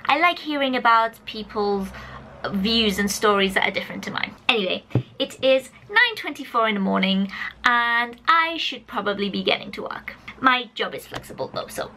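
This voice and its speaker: Woman vlogger, bright voice, animated and chatty, filming a casual talk at home. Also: fairly high pitch, normal speed, a little hiss or hum, rough recording. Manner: animated, chatty, addresses viewers directly. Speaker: YouTube vlogger.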